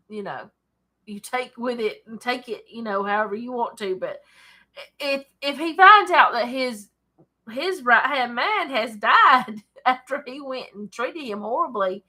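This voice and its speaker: Here a woman from Alabama, speaking with a Southern accent, leads an informal Bible reading with commentary from her home desk. Her voice is medium in pitch, bright and pushed, and she digresses often and laughs along the way.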